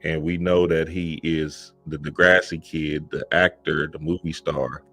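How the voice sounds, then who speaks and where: A man's voice: a bass voice, level tone, a little slow, a bit bright, soft background music. A man talking in a casual, emphatic monologue, often asking "you feel me" and acting out quoted voices. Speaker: spiritual content creator.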